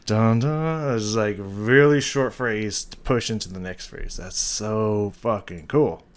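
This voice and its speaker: A music reaction channel host with a lowish voice and a measured pace. He casually reacts to a song and breaks it down, rambling enthusiastically, humming bits of melody and swearing offhandedly.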